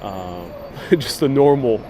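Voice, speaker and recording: A man's voice: mid-range voice, expressive, slow, dark tone. A man guiding a live-streamed city bus tour, chatting casually and reading out viewer comments. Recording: faint street and traffic noise.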